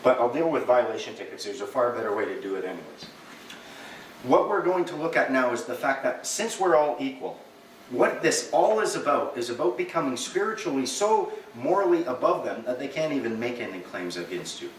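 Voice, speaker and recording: A man giving a lecture to a live audience, animated and joking, acting out little dialogues as he goes. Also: medium pitch, a little fast, a little hiss or hum. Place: meeting room with an audience. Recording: echoey room, recorded from far off.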